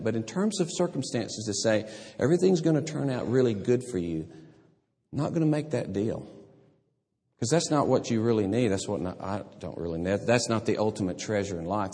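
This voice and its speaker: A man's voice: medium pitch, dark tone. An older man preaching a sermon, telling stories and acting out voices with a laugh. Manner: storytelling, acts out voices and laughs. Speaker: pastor. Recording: long hall reverb.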